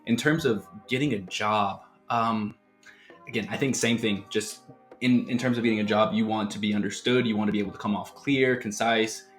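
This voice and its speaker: A man's voice: on the low side, fairly even intonation, normal speed, fairly bright tone, faint music behind. An American man chatting as a guest in an easygoing way, with many "like"s and "right?"s. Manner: easygoing, filler-heavy, lots of "like" and "right?". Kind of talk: casual chat.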